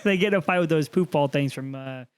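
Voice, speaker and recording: A man's voice: on the high side, quick pace, smooth, no room sound. Joking podcast guy, dry sound. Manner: joking, vivid describing. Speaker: podcast co-host. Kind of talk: casual chat.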